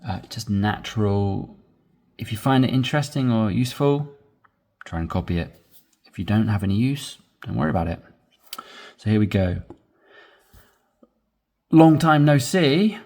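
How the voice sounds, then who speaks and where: A man's voice: on the low side, moderate pace, creaky, long pauses, warm tone. A man teaching an English conversation lesson, explaining in a patient, encouraging way.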